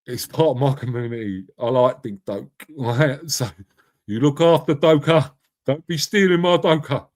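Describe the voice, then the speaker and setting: A man's voice: mid-range voice, normal speed, darkish tone. A middle-aged man hosting a casual live stream, chatting matily with viewers by name and swearing freely. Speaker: live stream host reading chat. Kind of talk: casual chat.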